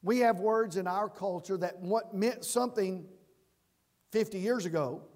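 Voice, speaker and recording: A man's voice: high-pitched, measured pace, darkish tone. A man preaching a sermon, earnest and emphatic, often restarting his words. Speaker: pastor. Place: church sanctuary. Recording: long church reverb.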